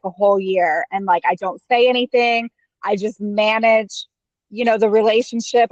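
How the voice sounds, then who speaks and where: A woman's voice: mid-range voice, no room sound. A candid woman talks freely in a casual, rambling way, filling her speech with "like" and "you know". Her voice sounds close and dry, though a little dull and lo-fi. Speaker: guest having her chart read. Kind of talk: casual personal talk.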